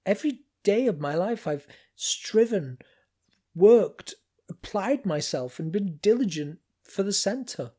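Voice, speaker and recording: A tired, earnest man explaining himself in a slightly raised, lively voice, as the reader puts him on. The tone is mellow and soft-edged. It is an audiobook figure. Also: high-pitched, slow pace, voice pushed up, full character voice. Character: weary, earnest man, dutiful worker.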